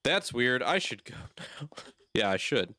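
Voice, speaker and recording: A man's voice: medium pitch, sing-song, unhurried, bright, forceful tone, dry recording. A man playing a horror game and talking through it aloud, easily startled and swearing often. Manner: jumpy, swears a lot, reacts aloud. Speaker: gamer.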